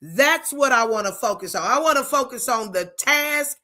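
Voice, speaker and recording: Bright, blunt woman host. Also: fairly high pitch, animated, moderate pace. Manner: blunt, emphatic, preachy, demonstrates tones. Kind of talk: faith-based talk monologue.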